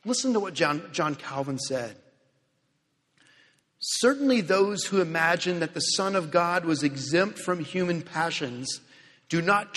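A man preaching a sermon in earnest, swinging from loud emphasis to hushed, slow phrases. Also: high voice. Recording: long hall reverb.

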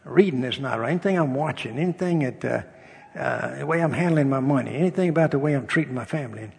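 A man's voice: medium pitch, quick pace, vocal fry, breathy edge. An older man, a pastor, preaching a sermon in a folksy storytelling way, with humor and acted-out dialogue. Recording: long reverb of a hall.

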